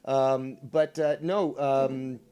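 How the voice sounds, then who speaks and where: A man hosting a live call-in show, answering in sarcastic, drawn-out retorts full of ums and uhs. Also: mid-range voice, fairly even intonation, warm tone. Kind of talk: casual live call-in chat.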